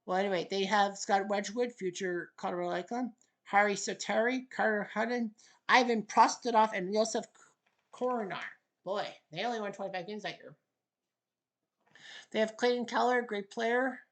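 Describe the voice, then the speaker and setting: A woman casually commentating over a hockey video game she is playing, joking and cheering loudly for her team. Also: medium pitch, normal speed, low-quality recording. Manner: excitable, jokey, calls the play and cheers for her team. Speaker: gaming channel host.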